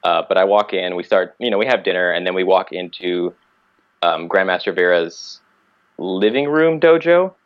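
Low male voice, lively storyteller, slightly dull recording. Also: normal speed. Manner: animated, acts out quoted dialogue. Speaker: podcast guest, martial artist. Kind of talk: casual storytelling.

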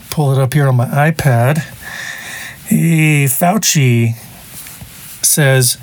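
A man hosting a podcast, talking in a rambling, conversational monologue with asides. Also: medium pitch. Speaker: podcast host. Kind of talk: casual opinion monologue.

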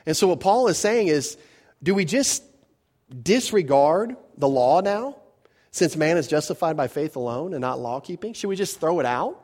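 A man preaching a verse-by-verse sermon in a relaxed, conversational way, his voice sitting a bit higher than most men's. He leans on rhetorical questions and often backs up to rephrase. He gets more animated when he drifts into personal stories. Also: normal speed. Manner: grows animated when telling a personal story. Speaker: pastor.

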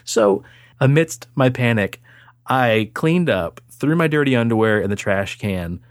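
Animated crude storytelling man. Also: mid-range voice, measured pace, dry recording, clean studio sound. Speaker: podcast host. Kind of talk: casual storytelling chat.

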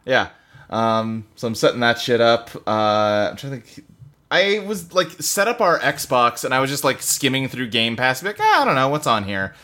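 Bright-voiced man rambling casually. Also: mid-range voice, lively intonation, moderate pace. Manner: rambling, loose, profane, lots of fillers. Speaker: podcast co-host. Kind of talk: casual chat about video games. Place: home office in a bedroom. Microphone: desktop computer setup.

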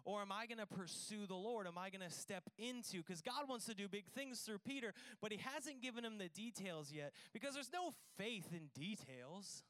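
A man's voice: high voice, expressive, normal speed, hardly any pauses, a bit bright, clear, resonant tone, no room sound. A man preaching a sermon in a conversational, joking way, acting out the dialogue of the scripture. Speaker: pastor.

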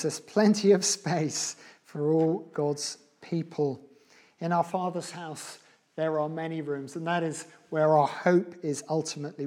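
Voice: mid-range voice, darkish tone. A preacher delivering a sermon in a church, earnest and often restarting or repeating words.

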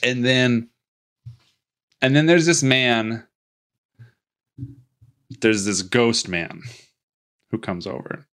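A man's voice: mid-range voice, lively intonation, drawn-out words, pauses often, a bit bright. A man on a podcast casually recapping a movie, rambling and joking and acting out the characters' lines. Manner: rambling and jokey, with frequent restarts and playful quoted voices.

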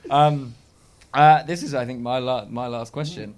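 Man, podcast co-host, medium pitch, hesitant, laughing, casual. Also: fairly even intonation, a little slow. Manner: hesitant, laughing, full of fillers. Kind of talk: casual comedy chat.

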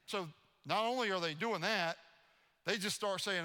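A man preaching a sermon as pastor, telling stories in an animated, playfully mocking way. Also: high voice, moderate pace, smooth, big-room sound. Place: church sanctuary.

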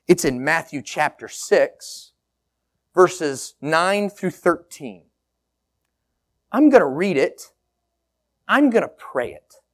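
A middle-aged male pastor giving a sermon with a slow delivery that swings between loud rises and soft, near-whispered drops. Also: on the high side. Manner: slow, lively, rising and falling delivery.

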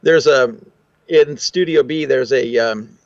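Gravelly man talking studio gear. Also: medium pitch, slow, a little mellow, no echo, highs cut off. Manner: thoughtful, technical, many fillers and restarts. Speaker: recording engineer guest. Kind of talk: conversational interview answers.

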